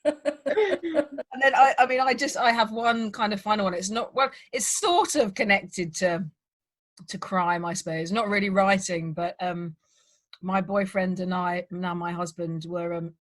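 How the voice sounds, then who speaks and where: A woman's voice: lowish voice, normal speed. A woman hosting a writers' panel over a video call, telling anecdotes in a chatty style with many fillers and frequent laughter. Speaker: crime writer and panel host. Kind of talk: casual panel chat.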